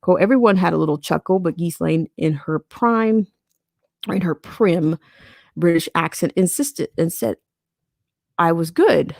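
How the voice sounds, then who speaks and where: A woman's voice: lowish voice, unhurried, gravelly, darkish tone, no echo, clean studio sound. A woman hosting a podcast, reading a news article aloud and breaking in with sarcastic asides. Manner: sarcastic asides between read quotes. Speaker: podcast host.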